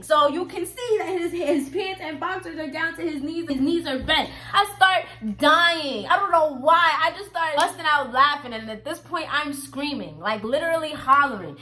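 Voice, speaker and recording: A young woman telling a storytime story to her viewers, animated and profane, talking straight to the camera. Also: high-pitched. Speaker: vlogger. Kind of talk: casual storytime monologue.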